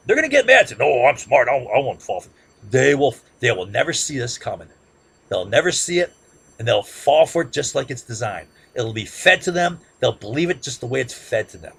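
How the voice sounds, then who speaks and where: A political commentator gives an impassioned, informal history lecture in a mid-range male voice that's fairly bright, slightly rough, with vocal fry. He's emphatic and rambling, restarting often, using filler, and repeatedly asking "right?".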